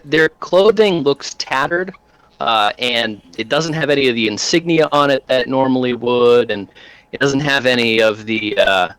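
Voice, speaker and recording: A man narrating a tabletop game as game master, halting with many fillers and restarts. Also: mid-range voice, a bit bright, dry recording, low-quality recording.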